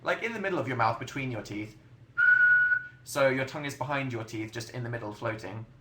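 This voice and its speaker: A man's voice: mid-range voice, lively intonation, brisk, heavy background noise. Chatty English man live-streaming from his room. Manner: rambling, self-mocking, chatty with frequent laughs. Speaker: livestream host answering chat. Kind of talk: casual livestream chat. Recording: roomy home webcam sound.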